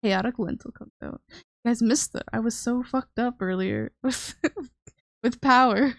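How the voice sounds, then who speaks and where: A woman's voice: a little high, takes it slowly, gravelly, long pauses, no echo, studio quality. A young woman, chatting casually and teasingly with her viewers on a live stream while she draws, swearing freely. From Canada.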